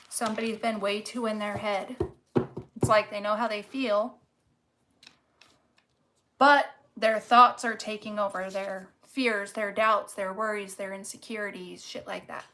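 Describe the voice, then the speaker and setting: A woman's voice: mid-range voice, steady tone, measured pace, sharp tone. A woman giving a casual tarot reading, blunt and emphatic, swearing freely and stretching out words for stress. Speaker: tarot reader.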